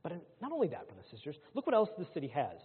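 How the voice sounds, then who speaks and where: A man preaching a sermon to his congregation, swinging between loud, rising lines and hushed ones. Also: a little high, wildly swooping pitch, racing, breathy edge. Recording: phone-like sound in a large hall.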